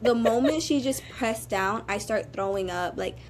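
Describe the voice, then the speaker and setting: Young woman podcast guest, animated storyteller, quick to laugh, higher voice. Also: slight background noise. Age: young adult. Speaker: guest, cancer survivor. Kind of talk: casual podcast chat.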